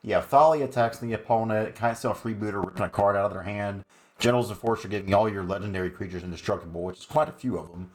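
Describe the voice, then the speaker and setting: A man's voice: lowish voice, fast. A man hosting his own channel, giving casual, laid-back commentary on a card game deck with frequent fillers.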